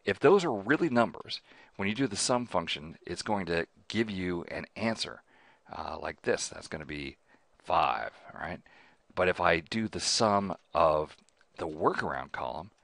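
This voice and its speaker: A man's voice: low voice, animated, measured pace, gravelly, fairly bright tone, no room sound. A man hosting a spreadsheet tutorial, chatty, often checking in with "right?" and voicing mild exasperation. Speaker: host.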